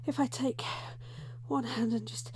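A woman playing a flustered young undercover reporter in a whispered role-play, breathy and frantic, who keeps scolding herself and blurting curses. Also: fairly high pitch, fairly even intonation, a little slow, a little mellow, slight background noise, close to an everyday voice.

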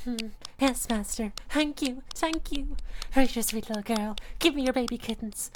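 A woman's voice: a little high, normal speed, slight background noise, natural voice. A woman playing a devoted catgirl pet. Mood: pleading. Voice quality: breathy, sighing. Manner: pleading, devoted. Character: adoring submissive young catgirl pet. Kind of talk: intimate audio role-play.

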